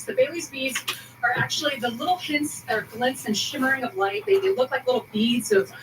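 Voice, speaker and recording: A woman data scientist reporting live, excited and emotional, often restarting her sentences. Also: on the high side. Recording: TV audio taped from a distance, loud noise.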